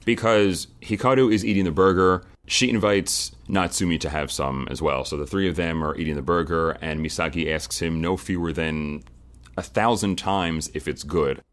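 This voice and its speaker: A man co-hosting a podcast, talking things over in a measured, reflective way with some restarts. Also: sits low, a bit bright. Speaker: podcast co-host. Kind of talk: casual chat.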